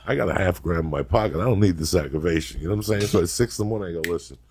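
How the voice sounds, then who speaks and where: A middle-aged man with a very deep, gravelly voice spins crude, rambling stories on a casual podcast. He laughs through his own tales. A faint hiss sits under his voice. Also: very fast, a little mellow. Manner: profane, laughing, rambling storyteller. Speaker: podcast host.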